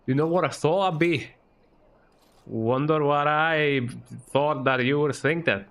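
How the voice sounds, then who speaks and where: A man's voice: fairly high pitch, measured pace, crowd noise. A man streaming a first playthrough of a game, playfully commenting and reading dialogue aloud, tagging "eh?" onto lines. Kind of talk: casual let's-play commentary.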